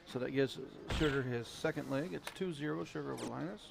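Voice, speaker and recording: A man with an Ozark accent calling a darts match live, folksy, chatty and excitable. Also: mid-range voice, fairly quick, gravelly, background noise. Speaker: darts commentator. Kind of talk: live play-by-play commentary. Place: darts venue. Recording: crowd chatter behind.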